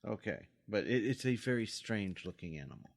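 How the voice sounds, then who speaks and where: A man's voice: fairly low pitch, very animated, brisk, vocal fry, no echo. A man co-hosting a podcast, explaining things in an easygoing, teasing way. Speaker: podcast co-host. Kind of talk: casual podcast chat.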